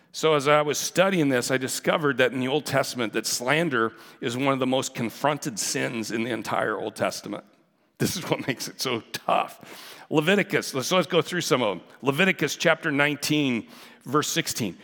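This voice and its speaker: A man's voice: mid-range voice, moderate pace, fairly bright tone. A man preaching a verse-by-verse sermon as a pastor, in an earnest, conversational manner full of fillers and asides. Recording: long reverb of a large hall.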